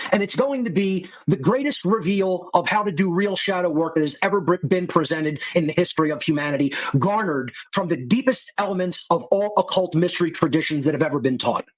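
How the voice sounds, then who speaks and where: Man, high voice, podcast monologue, emphatic, scornful. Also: low-quality recording. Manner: emphatic, contemptuous insults. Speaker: podcast host. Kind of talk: monologue lecture.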